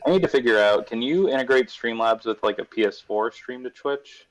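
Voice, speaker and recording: A man's voice: mid-range voice, brisk, dull audio. A man, chatty and joking as a guest on a casual live stream, keen on sports talk. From New England. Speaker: guest co-host.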